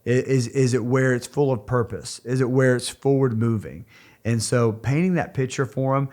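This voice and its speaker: A man's voice: medium pitch, steady tone, moderate pace, a little mellow. A man in his thirties co-hosting a church podcast, talking earnestly with frequent restarts and fillers. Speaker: podcast co-host. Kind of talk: casual podcast talk.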